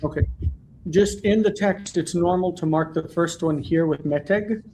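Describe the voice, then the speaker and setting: A man leads an online class on biblical Hebrew, explaining step by step and pausing to check that everyone follows. His voice sits a little high for a man. Faint hiss sits under the video-call audio. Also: mellow, low-quality recording. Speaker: Hebrew teacher.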